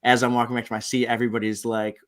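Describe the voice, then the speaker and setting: A sports-obsessed man in his twenties talks very fast as a podcast guest, relaxed and full of "like" fillers in a casual interview. His medium-pitched voice is flat in delivery with a fairly bright tone.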